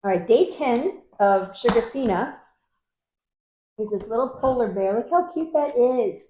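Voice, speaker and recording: A woman with a New York accent co-hosting a casual chat, playful and teasing and quick to laugh. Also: a little high, animated, warm tone, a little hiss or hum. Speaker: co-host. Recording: echoey room.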